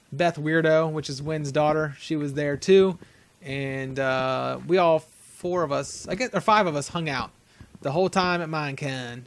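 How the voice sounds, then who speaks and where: A man rambling chattily through casual game commentary, laughing often as he talks. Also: fairly high pitch. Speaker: gaming channel host. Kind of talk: casual let's-play commentary.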